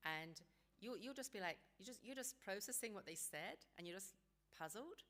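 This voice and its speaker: A woman giving a seminar talk on parenting teenagers, calm and practical, sometimes acting out what parents and teens might say. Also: mid-range voice, moderate pace. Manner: calm, practical advice, acts out quoted dialogue.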